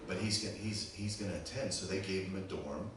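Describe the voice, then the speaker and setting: Man with Pittsburgh accent, lowish voice, sermon storytelling, very echoey distant church sound, background noise. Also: fast. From Pittsburgh, USA. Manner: animated, keeps checking in with the audience. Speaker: guest preacher. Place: church sanctuary.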